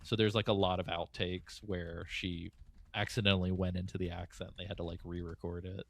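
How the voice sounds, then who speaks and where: A man's voice: deep voice, level tone, creaky. A man hosting a podcast in casual chat, eagerly sharing trivia. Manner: eager, quick to jump in with trivia.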